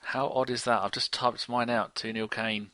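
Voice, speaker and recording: A man co-hosting a casual football podcast, his voice bright and forward, heard close and dry. He chats loosely, teasing the others and laughing easily. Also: medium pitch, little pitch movement, normal speed, no echo. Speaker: podcast co-host. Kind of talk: casual sports podcast banter.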